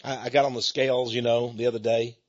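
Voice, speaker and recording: A man's voice: mid-range voice, flat delivery, quick pace. An older man preaching a folksy, rambling sermon monologue with chuckling asides, speaking as the head of his own ministry. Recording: dull lo-fi recording.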